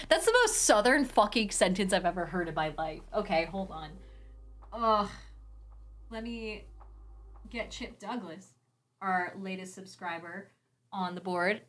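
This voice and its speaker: Chatty, animated young woman streamer. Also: mid-range voice, measured pace. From Pacific Northwest. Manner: chatty and animated, swears freely, laughs often, rambles with restarts. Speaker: live streamer. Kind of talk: casual live-stream chat, reading viewer comments.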